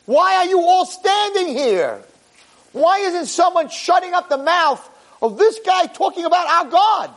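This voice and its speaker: A man's voice: very high voice, big pitch swings, unhurried, gravelly, a bit bright, voice pushed up, heavily acted. A man acting as an indignant young shepherd hero. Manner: outraged, demanding.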